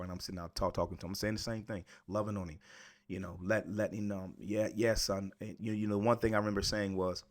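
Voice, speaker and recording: Earnest storytelling man in his forties. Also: lowish voice. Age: 40s. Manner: earnest, repeats words for emphasis, restarts. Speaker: motivational speaker. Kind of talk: personal storytelling.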